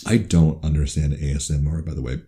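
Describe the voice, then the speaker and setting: A man in casual podcast chat, playful and teasing, talking with animated emphasis. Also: extremely low pitch, brisk. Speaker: podcast co-host.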